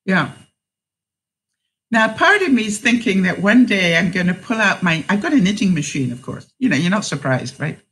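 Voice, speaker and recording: A woman's voice: mid-range voice, sing-song, normal speed, a bit bright, low-quality recording. Woman vlogger, casual livestream chat, rambling, frequent laughs, reads viewer comments. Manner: chatty and rambling, laughs often.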